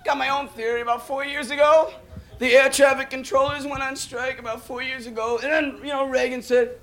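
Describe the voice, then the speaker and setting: A young man doing an animated, rambling stand-up comedy set, acting out bits. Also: extremely high pitch, a little fast. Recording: live club with noisy laughing crowd. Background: audience laughter and noise.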